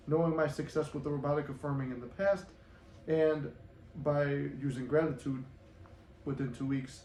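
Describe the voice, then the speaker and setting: Rambling profane motivational vlogger, echoey room. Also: male voice, medium pitch, a little mellow. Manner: rambling, loose and profane, encouraging. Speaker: manifestation vlogger. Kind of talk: casual motivational talk to camera. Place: his apartment. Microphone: no good microphone, voice muffled. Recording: echoey room with faint noise and muffled sound.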